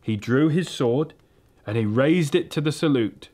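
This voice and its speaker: A man reading a children's storybook aloud, in a gentle, steady and expressive way. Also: mid-range voice, unhurried. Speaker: reader.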